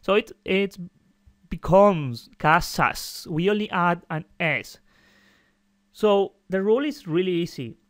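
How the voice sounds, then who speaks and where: A man teaching a Spanish grammar lesson in halting, non-native English, patiently repeating his examples and correcting himself as he goes. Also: high-pitched, dry recording, studio quality.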